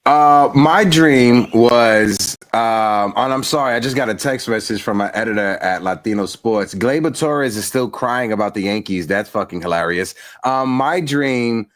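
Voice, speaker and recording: A man's voice: mid-range voice, a little slow, hardly any pauses. Laid-back man hosting a sports show. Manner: laid-back, swears, greets chat viewers. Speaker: host. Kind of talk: casual chat. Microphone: headset with soundboard.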